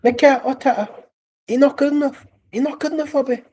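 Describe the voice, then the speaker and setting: A worked-up adult male football fan rants in a shrill, strained voice, as a man puts him on. He hammers the same complaint again and again, pitched far above an everyday speaking voice. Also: fairly even intonation, fairly quick. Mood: ranting. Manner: shouty, repeats himself, high-pitched.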